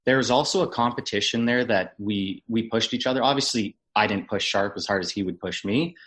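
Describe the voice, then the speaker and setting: Chatty former hockey player telling stories. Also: male voice, on the low side, a little fast. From Canada. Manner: animated storyteller, mimics yelling coaches, swears freely. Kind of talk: casual storytelling on a podcast.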